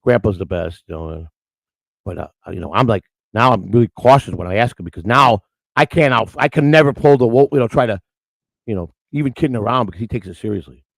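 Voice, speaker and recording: He's an older morning-show host who chats casually, rambling through stories, restarting a lot and acting out what people said. His voice sits on the low side, animated and fast, with vocal fry and no echo.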